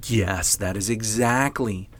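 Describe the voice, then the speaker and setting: A man's voice: on the low side, slow pace, a bit bright. A man co-hosting a Bible podcast, reading scripture expressively like a story for kids and chatting casually. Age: adult parent. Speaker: podcast co-host.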